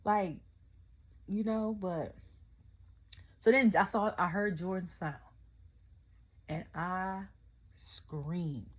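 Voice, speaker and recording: A young adult woman, ranting casually about a wrestling event, telling it in animated quotes and often asking "okay?". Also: on the low side, extremely slow, pauses often, muffled recording. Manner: animated storytelling, quotes her own reactions, frequent "okay?". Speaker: wrestling review vlogger. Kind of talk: casual rant.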